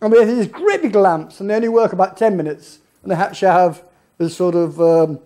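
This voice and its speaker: A man with a high, mellow voice speaks fairly quickly as he shares stories on stage in an event hall. He's the keynote guest, and he laughs frequently while telling his anecdotes.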